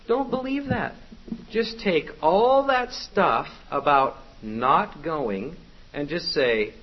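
A male preacher in a conversational, exhorting sermon, his pitch moving in a lively way from a slightly higher-than-average voice. The recording is dull and lo-fi, with faint noise underneath. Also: measured pace, husky.

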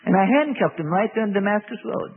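A high, husky male preacher delivers a lively sermon, his voice leaping up and dropping low. The sound is thin and phone-like, with a long echo off a large hall. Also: fast talker. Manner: animated preaching with sweeping pitch swings.

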